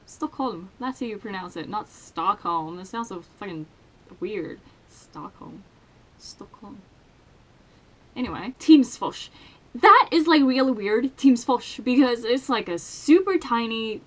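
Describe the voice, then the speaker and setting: Using headphones and a desk mic, a young adult vlogger from Sweden chats to camera in a playful, crude, self-deprecating way with a Swedish accent. Her pitch is fairly high and her tone a bit bright.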